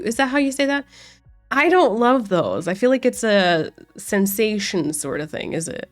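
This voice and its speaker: A woman's voice: medium pitch, big pitch swings, moderate pace. A woman streamer chatting casually with her viewers, sounding congested and nasal from a cold and rambling with frequent restarts. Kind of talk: casual livestream chat with viewers. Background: faint background music.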